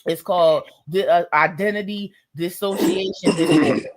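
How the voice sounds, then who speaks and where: A woman, talking bluntly and emphatically in a casual livestream discussion, acting out conversations with animated voices. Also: fairly low pitch, moderate pace, a crowd in the background. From United States.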